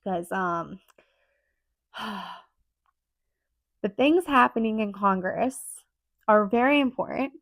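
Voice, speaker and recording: Woman, podcast host, solo monologue, earnest, emphatic, rambling, medium pitch, dead dry sound. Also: expressive, extremely slow, pauses often, fairly bright tone, no room sound.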